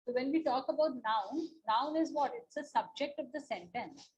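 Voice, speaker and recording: A high-pitched, animated woman speaks at a moderate pace on a low-quality recording. With an Indian English accent, she teaches an online class patiently, repeats points, and checks understanding with "okay?" and "na?"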